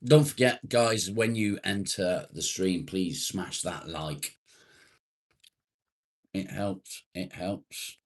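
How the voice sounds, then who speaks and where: A man hosting a relaxed live stream, his voice sitting on the low side. He talks at an unhurried, drawn-out pace, greeting viewers one by one and bantering jokily with them as their comments come in. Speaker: livestream host. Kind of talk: casual live chat, reading viewer comments.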